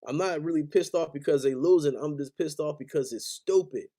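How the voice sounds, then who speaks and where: A sports podcast host vents as a frustrated fan on a live stream, his angry rant coming in heated, profane, repetitive bursts. His pitch is fairly high, his delivery brisk, and his tone mellow.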